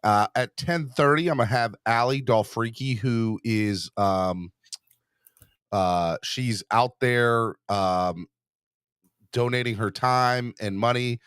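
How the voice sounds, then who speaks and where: A man hosting a sports podcast in casual chat, rambling and excitable, often restarting his sentences. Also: mid-range voice, slow pace, clean tone, no room sound, clean studio sound. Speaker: podcast host.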